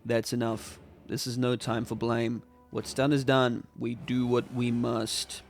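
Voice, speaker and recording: A man's voice: medium pitch, little pitch movement, measured pace, soft background music, natural voice. A man voicing a proud, defiant king who gives solemn commands.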